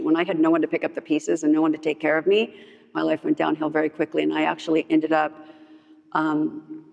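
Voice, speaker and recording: A gravelly-voiced woman shares her recovery story at a meeting, casual and candid, with frequent "like" fillers and humor. She animatedly acts out other people's lines in a higher voice. The audio is dull and reverberant, recorded in a large hall with long reverb.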